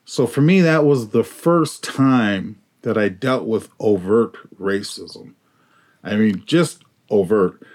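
A man on a discussion panel recalling a story in a measured, reflective way. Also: lowish voice, a little mellow. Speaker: panel guest. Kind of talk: conversational storytelling.

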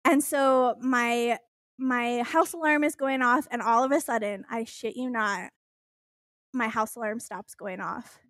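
A young woman telling a personal story in casual chat, animated and laughing, swearing as she goes. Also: a little high, a little slow, dry recording.

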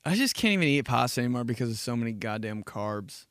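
A young man hosting his own podcast, telling loose, profane stories with quick asides. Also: mid-range voice, animated, a bit bright, dry recording, studio quality. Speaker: podcast host. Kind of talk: casual solo podcast monologue.

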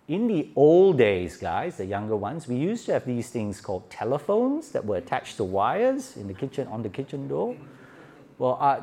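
A middle-aged Australian man preaching a sermon with a somewhat low voice. He tells stories conversationally and often starts with "uh". It sounds like a talk at a church weekend away. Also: a little mellow. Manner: conversational storytelling with frequent "uh" fillers. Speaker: pastor. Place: church retreat session hall.

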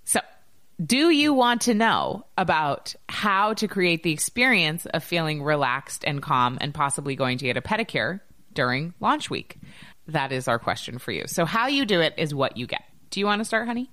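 Bubbly low-voiced woman podcast host. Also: animated, moderate pace, fairly bright tone, no room sound. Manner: bubbly, upbeat and chatty. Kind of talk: casual podcast chat. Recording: dry close recording.

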